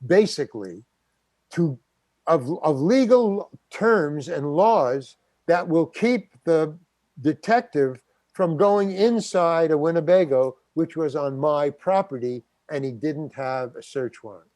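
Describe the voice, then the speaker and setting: A man's voice: fairly high pitch, expressive, takes it slowly, a little mellow, dry recording. An older man, a guest actor, telling a story in an interview and acting out the quotes. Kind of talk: anecdotal storytelling.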